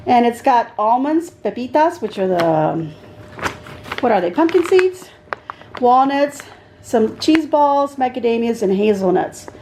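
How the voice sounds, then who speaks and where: A woman's voice: a little high, lively intonation, measured pace, dark tone, a little hiss or hum, low-quality recording. A middle-aged woman from Texas giving a casual, rambling tour of her kitchen and pantry as a vlogger, often searching for words. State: out of breath. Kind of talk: casual home tour chat. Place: home kitchen.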